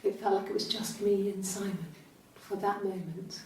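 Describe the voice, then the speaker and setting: An actress with a British accent playing a composed young wife who speaks softly and reflectively in a police interview. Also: female voice, medium pitch, little pitch movement, natural voice. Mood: calm. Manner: soft-spoken, measured, reflective. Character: composed young wife recalling her wedding. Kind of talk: naturalistic screen acting. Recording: roomy interview room from a distance, faint hiss.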